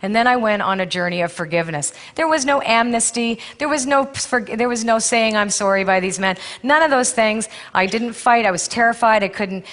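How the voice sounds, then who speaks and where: A woman's voice: on the high side, a little fast, hardly any pauses, fairly bright tone. A middle-aged woman giving a candid, storytelling conference talk to a live audience, laughing often as she speaks. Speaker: intuitive counselor and speaker. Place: stage in a large hall. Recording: long hall reverb.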